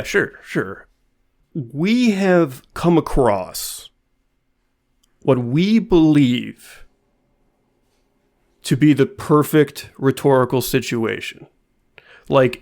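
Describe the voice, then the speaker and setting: Man, podcast co-host, very slow delivery, dry and deliberate. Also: medium pitch. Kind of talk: casual chat.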